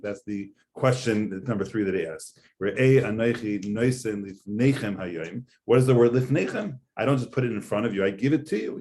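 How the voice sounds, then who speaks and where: A rabbi gives a conversational Torah lecture to a class, explaining earnestly and using frequent fillers. His voice is fairly low-pitched with a darkish tone.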